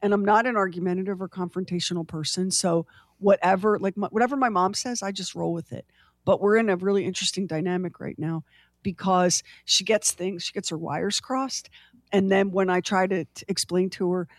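A woman's voice: medium pitch, fairly even intonation, a little fast, dry recording, clean studio sound. A woman co-hosting a morning radio show, chatting and laughing often. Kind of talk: casual morning radio chat.

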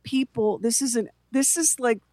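A woman co-hosts a casual podcast with an animated, joking delivery. She pokes fun at herself and riffs freely. Her voice is close and dry with no room sound. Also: a little high, normal speed, no echo. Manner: animated, joking, self-deprecating. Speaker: podcast co-host. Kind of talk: casual chat.

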